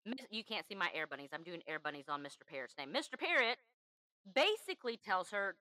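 A woman's voice: on the low side, very animated, brisk, pushed and bright, dry recording, rough recording. A woman hosting a true crime podcast, telling the story in an emphatic, chatty way. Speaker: podcast host.

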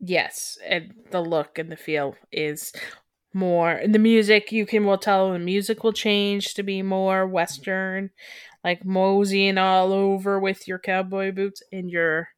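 A woman from western Canada co-hosting a chatty podcast, her voice sitting at an ordinary middle pitch. She rambles easily and often restarts a thought midway. The sound is dry and close, with no room around it. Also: steady tone, unhurried, clean tone, dry recording. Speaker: podcast co-host. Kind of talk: casual chat.

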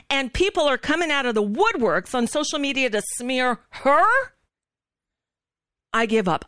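An angry woman radio host with a fairly high voice, shaken and stammering as she rants in emphatic bursts. The sound is close and dry, with no room around it. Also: fairly bright tone, no room sound. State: shaken and upset. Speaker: radio talk show host. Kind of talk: impassioned political talk radio.

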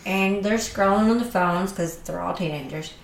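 A woman chatting casually as co-host, telling stories with animated quoted voices. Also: medium pitch, normal speed, creaky, far from the mic, slight background noise. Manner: animated storyteller. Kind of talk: casual chat. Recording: echoey room with faint ambience.

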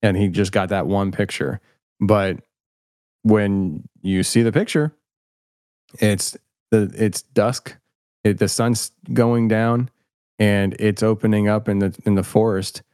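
A man's voice: on the low side, steady tone, takes it slowly, darkish tone, clear, resonant tone, dry recording, clean studio sound. A middle-aged man chatting casually as an interview guest, rambling and self-deprecating with many restarts. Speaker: podcast host, guest filmmaker.

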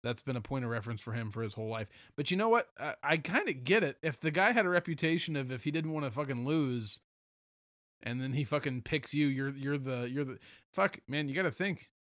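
A man's voice: mid-range voice, expressive, a little fast, fairly bright tone, no room sound, studio quality. A young man co-hosting a casual podcast, teasing and swearing easily. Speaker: podcast co-host. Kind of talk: casual chat.

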